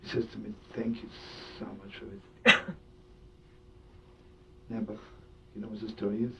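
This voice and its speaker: A man's voice: big pitch swings, moderate pace, vocal fry. A man telling a story as a sermon, full of Yiddish words and laughter. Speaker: rabbi and storyteller. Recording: distant dull lo-fi recording with faint rumble.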